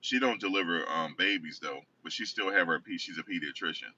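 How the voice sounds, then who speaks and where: A man's voice: low voice, fairly quick, bright, forceful tone, a little hiss or hum. A man casually telling a rambling personal story, often correcting himself. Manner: rambling, self-correcting, conversational. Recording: distant dull lo-fi recording.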